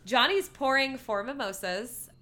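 A woman with a high, bright and forceful voice co-hosts a podcast. She chats casually through an episode recap and laughs easily. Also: big pitch swings, a little slow. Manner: chatty, laughs often. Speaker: podcast co-host.

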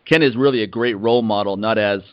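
A man hosting a casual podcast chat, telling stories in an animated way and mimicking the people in them. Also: fairly low pitch, quick pace, no echo. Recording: dry, dull lo-fi recording.

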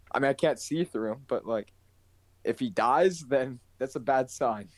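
A man's voice: mid-range voice, unhurried, dry recording. A man playing a tabletop game who talks in a rambling, jokey way with many fillers. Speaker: player. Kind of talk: casual tabletop game play.

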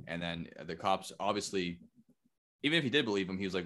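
A low-voiced man hosts a podcast in an easygoing way. He jokes with his guests and chimes in often. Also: fast, fairly bright tone. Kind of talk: casual chat.

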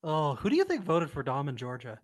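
A podcast co-host chatting casually about a reality show, relaxed and playful, with dry asides. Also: medium pitch, a little fast, dry recording.

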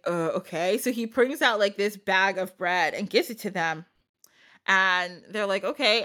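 A woman's voice: medium pitch, a bit bright. A woman podcast host retelling a folk tale in a casual, chatty way, laughing often and dropping slangy asides. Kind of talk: casual storytelling.

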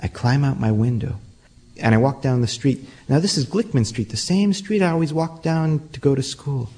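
A man's voice: mid-range voice, expressive, normal speed, mellow. A man performing a spooky childhood story aloud with dramatic, suspense-building delivery.

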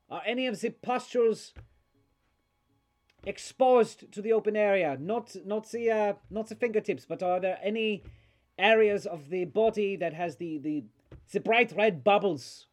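A man's voice: sits high, voice pushed up. A man voicing a fussy middle-aged Victorian pathologist who stammers and talks in a pompous, alarmed way. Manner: pompous, flustered, rapid stammering.

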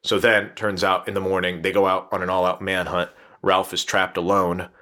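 A man's voice: low-pitched, normal speed. A man in casual conversation, animatedly retelling a novel's plot and acting out the characters' lines. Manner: animated, laughs often, acts out quotes. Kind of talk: casual chat retelling a book.

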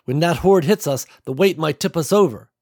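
A man voicing a determined woman giving urgent orders during an attack, raising his pitch. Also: normal speed, a little mellow, no room sound, clean studio sound. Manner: urgent, commanding.

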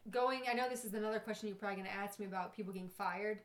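A woman's voice: medium pitch, racing. A young woman who works as a bartender, a podcast guest telling stories in casual chat and often laughing as she talks. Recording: roomy echo.

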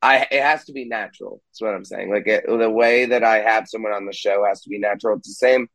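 Brief: young man, candid and animated, swears a lot, dry close sound, video-call chat. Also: on the low side, quick pace, no room sound, poor audio. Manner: candid, animated, swears freely, acts out quotes. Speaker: podcast host and band musician, guest here. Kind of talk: casual podcast chat.

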